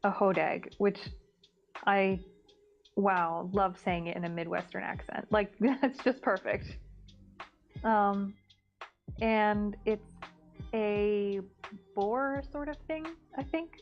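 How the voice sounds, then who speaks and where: A woman co-hosting a comedy stream, chatting casually and encouraging her partner with quick, upbeat affirmations. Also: medium pitch, muffled recording, faint music behind. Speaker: comedy show co-host. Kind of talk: casual chat.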